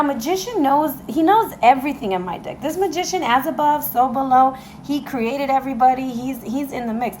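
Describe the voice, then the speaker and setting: Excitable woman giving a tarot reading. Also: fairly high pitch, a little hiss or hum, poor audio. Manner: excitable and emotional, addresses viewers as guys. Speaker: tarot reader. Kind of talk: casual tarot reading to camera. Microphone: camera mic.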